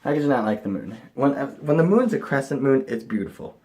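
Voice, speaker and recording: A young man from the area, rambling excitedly to camera in a casual vlog, bursting into loud enthusiasm then dropping to mumbled asides. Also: medium pitch, quick pace. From Chicago area, USA. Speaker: vlogger.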